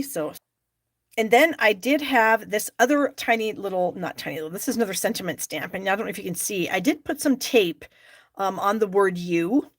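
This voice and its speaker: A woman hosting a live stamping class, chatting and thinking aloud as she works. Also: mid-range voice. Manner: chatty, thinks aloud while working, fillers. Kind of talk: live craft demonstration.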